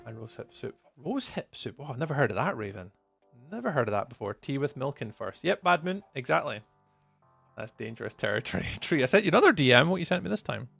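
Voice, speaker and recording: Lively gravelly Scottish man streaming. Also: medium pitch, quick pace, dry recording, soft background music. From Scotland. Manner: chatty, greets viewers by name. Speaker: livestreamer. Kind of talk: casual live gameplay commentary.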